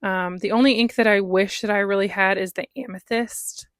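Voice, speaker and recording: A woman's voice: mid-range voice, steady tone, moderate pace, a bit bright, dry recording. A woman vlogging about her fountain pen inks in a casual, chatty way, with lots of ums and small laughs. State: recovering from a cold. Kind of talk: casual show-and-tell vlog.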